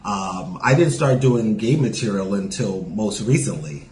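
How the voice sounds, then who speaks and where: Fairly low-pitched and expressive, a stand-up comic talks a little slowly with a darkish tone as a guest in a casual podcast interview. His New York accent has a Southern lilt, he says "you know" a lot, and the recording is roomy and poor with slight background noise.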